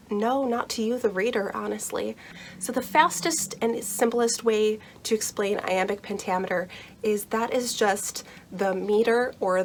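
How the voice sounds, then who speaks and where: A woman's voice: on the high side, a little hiss or hum. A young woman casually explaining how to read Shakespeare in a chatty, reassuring way, full of fillers and little laughs. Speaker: book vlogger explaining Shakespeare.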